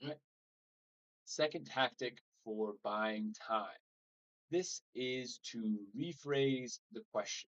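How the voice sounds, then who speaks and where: A man's voice: mid-range voice, slow pace, rough recording. A man teaching a live English lesson, explaining steadily and acting out sample phrases. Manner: relaxed explaining with example phrases, frequent "so" and "all right".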